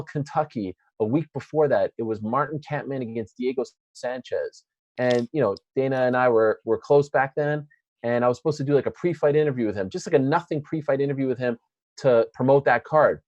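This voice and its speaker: A man's voice: mid-range voice, a little fast, dry recording, highs cut off. A man interviewing a guest, telling a long story in casual chat and acting out what people said. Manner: animated storyteller acting out quotes.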